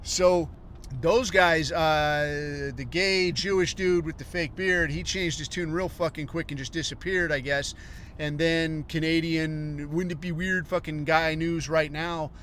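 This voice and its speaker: A rambling, profane man rants casually on his podcast, his voice sitting a bit higher than most men's. He drifts between thoughts and mocks people he talks about. A faint hiss runs under the recording. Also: fairly bright tone. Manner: rambling, profane, mocking impressions of others. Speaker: podcast host. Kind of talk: profane ranting commentary.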